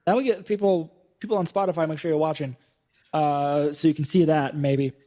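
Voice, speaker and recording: A man hosting a casual gaming podcast, sounding upbeat and easygoing. His voice sits a little higher than most men's. He talks in a chatty, self-deprecating way. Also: fairly even intonation, normal speed, warm tone. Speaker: podcast host.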